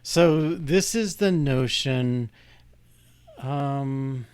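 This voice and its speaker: A man's voice: medium pitch, drawn-out words, a little mellow, clean tone. A man working through code on screen, thinking aloud with frequent restarts and fillers. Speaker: programmer demonstrating code. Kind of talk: casual live coding walkthrough.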